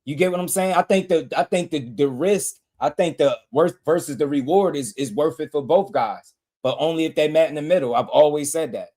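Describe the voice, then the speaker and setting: A man hosting a casual boxing livestream, talking emphatically in slang, repeating himself and shouting out viewers from the chat. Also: a little high, a little fast. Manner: emphatic, repetitive, slangy, reads super chats aloud.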